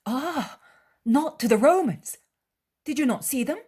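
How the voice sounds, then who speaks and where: A woman's voice: high voice, animated, measured pace, mellow, voice pushed up. A woman voicing a young male apostle who presses with eager, insistent questions in a dramatized audiobook. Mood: prying. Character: prying, anxious male apostle, young man.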